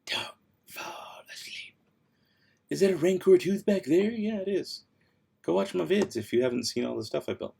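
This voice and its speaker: Husky-voiced man chatting on a livestream. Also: high-pitched, lively intonation, brisk, warm tone. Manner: laid-back, easily exasperated, mumbles while working. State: tired, losing his voice. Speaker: livestream host. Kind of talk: casual livestream chat, reading viewer comments.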